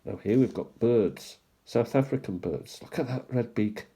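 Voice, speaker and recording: A man hosting a stamp collecting channel, musing aloud in an unhurried way as he shows stamps one by one, with small asides. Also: medium pitch, mellow, slightly rough. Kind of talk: casual show-and-tell commentary.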